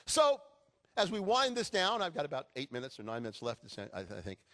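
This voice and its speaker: A man's voice: on the high side, brisk. A middle-aged man giving a motivational speech to a live audience, telling stories with jokes. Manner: animated storytelling with jokes. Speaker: keynote speaker.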